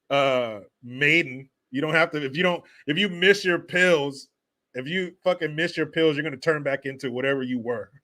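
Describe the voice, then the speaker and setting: A man's voice: a little high, sharp tone. A man hosting a casual livestream, joking and swearing as he reads and answers viewer comments. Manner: profane, joking, reads chat aloud. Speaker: host.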